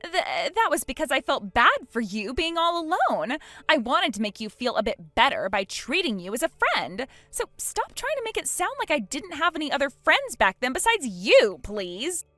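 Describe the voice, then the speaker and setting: A woman's voice: high-pitched, huge pitch swings, moderate pace, few pauses, pushed and bright, no echo, voice pushed up, heavily acted. A woman voicing an arrogant young bride who mocks and dismisses her old friend. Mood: defensive. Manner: sneering and haughty, breaking into mocking laughs. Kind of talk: dramatized text-message story.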